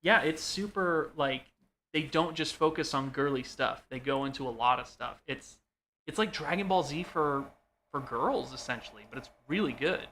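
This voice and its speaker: A man's voice: fairly high pitch, moderate pace, slight background noise. A man co-hosting a live stream, chatting casually and filling his talk with ums and likes. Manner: chatty, filler-heavy, animated storytelling. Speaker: co-host. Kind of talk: casual chat.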